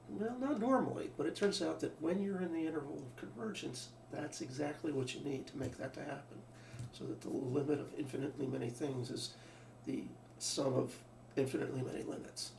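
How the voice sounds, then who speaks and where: A man explains a math lesson out loud, often restarting his sentences and putting questions to the class. His voice is gravelly and sits a little high. The sound is picked up from a distance in an echoey room, with a faint hum behind it. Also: fairly quick, few pauses. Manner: thinking aloud, restarts, asks rhetorical questions. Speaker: math teacher. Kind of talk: lecture.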